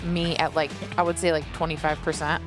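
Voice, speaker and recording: A woman's voice: sits low, flat delivery, a little fast, music in the background. A young woman co-hosting a podcast, chatting casually with lots of filler words and giggles. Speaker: podcast co-host. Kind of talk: casual chat.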